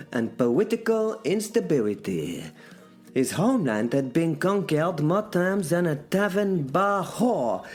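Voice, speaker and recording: Man narrating a comic audio serial, dry and sardonic, unhurried with a swinging, lively pitch. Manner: dry, deadpan, sardonic storytelling. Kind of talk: comic first-person drama narration.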